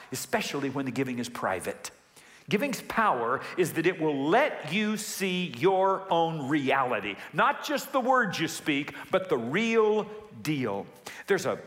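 A man preaching a sermon as pastor, telling jokes and stories with sudden excited rises. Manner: animated, jokey storytelling with sudden rises in pitch. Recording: long hall reverb.

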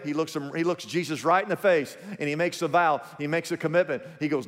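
In a large church auditorium with long hall reverb, a pastor preaches a sermon to his congregation. He speaks emphatically and calls on the crowd to repeat words back to him, his voice a little high, a little fast, and fairly bright.

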